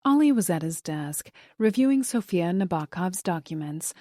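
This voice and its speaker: Low, mellow woman narrating an audiobook. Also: animated, normal speed, dry recording, studio quality. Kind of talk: first-person audiobook narration.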